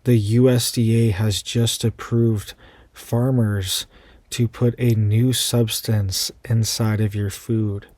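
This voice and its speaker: A man's voice: on the low side, level tone, slow pace, darkish tone, no room sound. A man hosting an online news commentary channel, reading out quoted reports and adding casual asides to his viewers.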